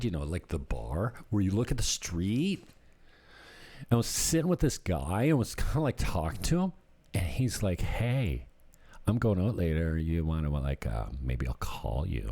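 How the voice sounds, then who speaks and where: A low-pitched man with a dark, mellow tone, talking loosely as a realtor on his own channel. His voice swings up and down a lot as he spins a rambling, jokey anecdote. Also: breathy edge. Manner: rambling, jokey storytelling with laughs. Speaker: real estate agent. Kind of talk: casual vlog chat.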